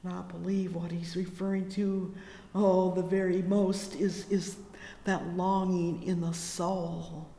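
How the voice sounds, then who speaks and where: Slow, fervent preacher in an echoey hall. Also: medium pitch, little pitch movement, vocal fry, mellow. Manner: drawn-out, fervent exclamations of "oh yes" and "oh my". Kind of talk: sermon.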